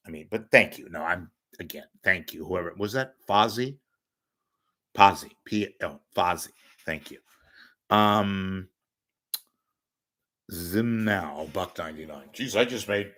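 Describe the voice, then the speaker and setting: A man's voice: sits low, unhurried, long pauses, bright, forceful tone. A man hosting a livestream, rambling and joking as he reads out donations. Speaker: livestream host. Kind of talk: casual chat.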